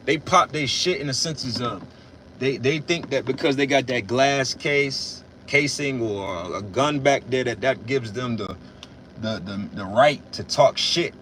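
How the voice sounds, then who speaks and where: A man giving a casual, preachy religious monologue, blunt and profane, with loud emphatic bursts. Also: mid-range voice, measured pace, a little hiss or hum. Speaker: religious commentator.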